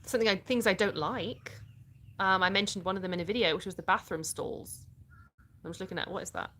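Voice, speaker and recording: A woman's voice: medium pitch, a little fast, bright, forceful tone. A middle-aged British woman from the UK, chatting casually on a live stream, reading and answering viewers' comments and laughing often. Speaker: livestream host.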